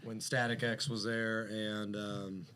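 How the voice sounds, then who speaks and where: A man's voice: fairly low pitch, flat delivery, takes it slowly, pushed and bright, a little hiss or hum. A man on a podcast telling a long story in casual chat, rambling and profane, with lots of fillers. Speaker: podcast co-host.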